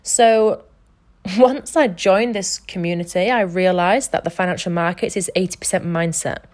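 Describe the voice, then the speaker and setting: A woman's voice: lowish voice, fairly even intonation, normal speed, a little mellow. A young woman hosting her own podcast, talking earnestly and emphatically about changing her life, swearing freely as she goes. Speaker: podcast host and life coach. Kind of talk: casual motivational monologue.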